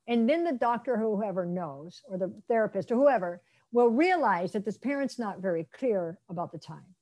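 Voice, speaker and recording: Mellow-voiced woman teaching interpreting. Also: on the high side, normal speed. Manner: lively, acts out quoted speakers in role-play. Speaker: interpreter trainer. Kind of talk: lecture presentation.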